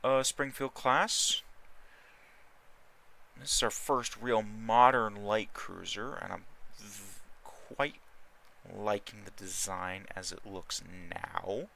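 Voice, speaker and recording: A man's voice: on the low side, slow pace, creaky, fairly bright tone, low-quality recording. A man giving casual commentary while playing a strategy game, thinking aloud with many fillers and restarts. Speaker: gaming channel host.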